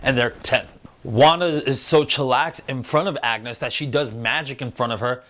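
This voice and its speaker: A man's voice: mid-range voice, normal speed, fairly bright tone. A man in his thirties hosting a casual review show, talking loosely, swearing freely and acting out quotes in silly voices. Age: 30s. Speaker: host. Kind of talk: casual spoiler review chat.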